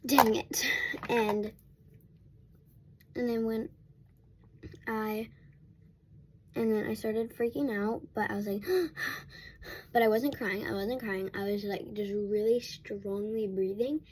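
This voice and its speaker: A woman's voice: medium pitch, little pitch movement, takes it slowly, pauses often, darkish tone, breathy edge. A young woman vlogger telling a casual storytime at home while getting ready, rambling with many restarts and fillers.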